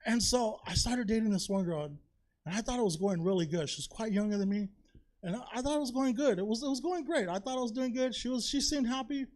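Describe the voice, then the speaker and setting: A man's voice: extremely high pitch, quick pace, a little mellow. A man doing a chatty, confessional stand-up set on a comedy theater stage, tossing in "you know?" and "right?" all the time.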